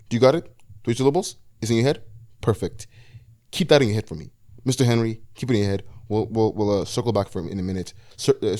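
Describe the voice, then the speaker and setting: A man's voice: fairly low pitch, darkish tone. A 21-year-old man narrating a scripted video essay with wry, self-deprecating, anxious rambling.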